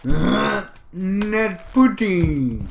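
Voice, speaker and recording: A man's voice: sits high, expressive, very slow, gravelly, a little hiss or hum. A man hosting a let's play video, commenting on the game and reading level names aloud with jokey outbursts. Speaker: gaming video host.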